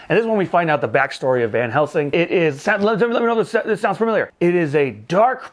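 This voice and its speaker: Male movie reviewer, fairly high voice with an animated, bouncy delivery, jokey plot-recap energy. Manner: animated, joking, acts out movie lines in funny voices. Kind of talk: casual recap and commentary.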